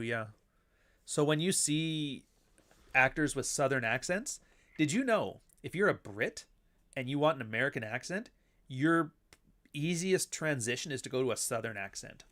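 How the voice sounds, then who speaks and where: A man's voice: mid-range voice, fairly bright tone. A man hosting a casual livestream, rambling between topics and reading the chat aloud. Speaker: livestream host.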